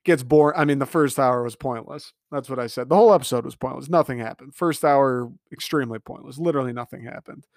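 A man's voice: medium pitch, fast talker, hardly any pauses, no echo, studio quality. Sarcastic, foul-mouthed young man ranting. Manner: profane, sarcastic, mocking impressions of contestants. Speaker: podcast host. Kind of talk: casual reality TV recap.

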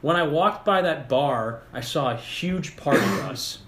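A young podcast co-host rambling through a story, his voice slightly high and bright with a forceful edge. It sounds roomy, with noticeable echo around him. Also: animated, a little slow, slight background noise. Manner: rambling storyteller, many fillers. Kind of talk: casual chat.

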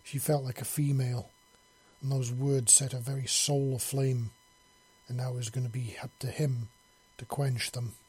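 Husky male audiobook narrator. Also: mid-range voice, normal speed. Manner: steady storytelling.

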